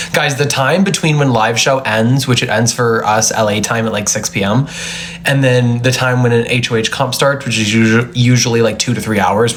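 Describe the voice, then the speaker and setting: A man's voice: mid-range voice, fairly bright tone, a little hiss or hum. A man hosting a casual phone live stream from home, chatty and rambling, often laughing. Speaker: livestream host. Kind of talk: casual chat. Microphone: phone livestream.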